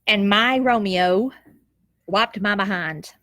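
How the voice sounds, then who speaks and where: A woman's voice: medium pitch, takes it slowly, fairly bright tone, no echo, clean studio sound. A woman, telling a personal story in an emotional, heartfelt and reflective way, tearful at times. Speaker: nurse sharing a personal story.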